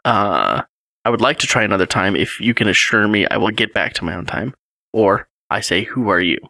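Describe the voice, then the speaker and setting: Man, 30s, casual co-host chat, animated storyteller, bright voice, dry sound. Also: lowish voice, brisk, vocal fry, no room sound. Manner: animated storytelling with chuckles, reading passages aloud. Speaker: podcast co-host. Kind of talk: casual chat retelling a gamebook read with his child.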